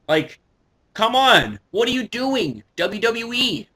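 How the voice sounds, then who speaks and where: A young man talking excitedly to camera as a wrestling fan, swearing freely and shouting in his most excited moments. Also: sits high, slow, slightly rough. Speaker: wrestling vlogger.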